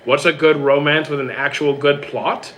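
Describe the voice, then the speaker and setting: A young man streaming live, reading out chat questions and answering them in quick, casual bursts. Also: on the high side, fairly even intonation, a bit bright, slight background noise. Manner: quick, reads questions aloud then answers briefly.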